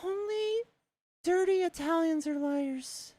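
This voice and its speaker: A man voicing a shrill, nagging middle-aged mother from a comedy sketch, drawn out and scolding. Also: takes it slowly, a little mellow, no room sound.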